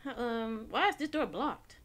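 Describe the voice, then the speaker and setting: A woman hosting a gaming channel and giving excitable let's-play commentary, gasping, swearing and jumping at scares. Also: on the high side, unhurried, a little hiss or hum.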